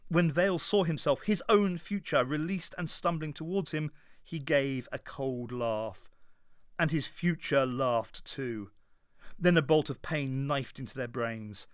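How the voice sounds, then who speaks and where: A man reads an audiobook aloud in a dramatic, measured way. His voice sits a little high for a man and is recorded close and dry, with no room sound. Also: smooth, no echo. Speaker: audiobook reader. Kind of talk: scripted narration.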